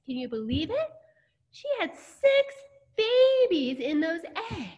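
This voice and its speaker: A woman's voice: very high-pitched, very animated, takes it slowly, darkish tone, lo-fi sound. A woman leading small children through a dance class, telling a playful story with movement cues. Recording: echoey room with faint music.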